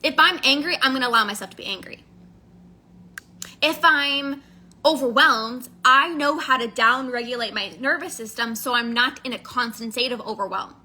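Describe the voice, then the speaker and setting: A woman's voice: sits high, normal speed, pushed and bright. A woman coaching in a casual, candid monologue, earnest and emphatic, often repeating phrases for stress. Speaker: emotional eating coach.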